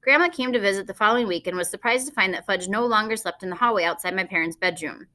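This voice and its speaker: A woman narrating a children's novel in the first person, lively and expressive. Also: mid-range voice, fast. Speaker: audiobook narrator.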